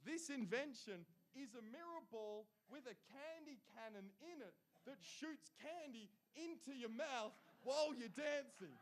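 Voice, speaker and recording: Excitable man announcing awards. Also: very high voice, a little slow, hardly any pauses. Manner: enthusiastic, chatty asides between names. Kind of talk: announcing award winners at a live ceremony.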